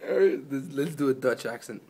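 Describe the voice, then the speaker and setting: A man's voice: mid-range voice, a little fast, dark tone. A man off camera calling out short, laughing prompts.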